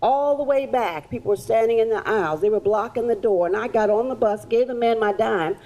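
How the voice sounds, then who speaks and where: A woman performing as a historical figure, telling her story in the first person to children at a library in a theatrical, animated way. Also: on the high side, fairly quick, rough recording. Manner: animated, theatrical, directs audience volunteers. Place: public library event room.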